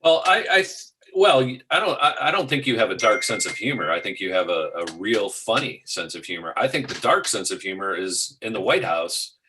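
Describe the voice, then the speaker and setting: Male co-host, animated bright voice, wry, distant mic with faint hiss. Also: fairly low pitch, moderate pace, hardly any pauses. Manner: wry, stammering starts before his point. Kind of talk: casual market talk show banter.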